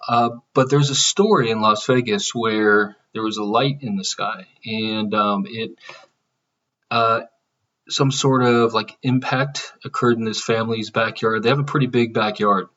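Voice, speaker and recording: A man's voice: fairly low pitch, fairly even intonation, a little slow, a bit bright, recorded from a distance, highs cut off. A man talking casually to his channel, rambling with many fillers and restarts. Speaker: channel host. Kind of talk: casual spiritual vlog monologue.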